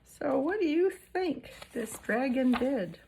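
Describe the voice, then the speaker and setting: A woman reading a picture book aloud to young children as a storyteller, playful and animated, asking the listeners questions. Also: sits high, slow pace, vocal fry, a little hiss or hum.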